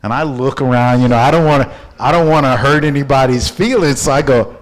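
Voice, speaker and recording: A man from Houston, a company founder telling a story in an interview, animated and acting out the people in it. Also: mid-range voice, brisk. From Houston, Texas.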